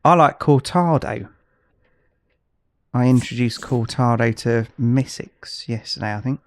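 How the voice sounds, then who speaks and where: A man streaming a game from his home setup, chatting loosely with viewers while he plays. He rambles, pausing often on filler words, in a voice of ordinary middle pitch, caught on a desk streaming mic. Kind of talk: casual live-stream chat while gaming.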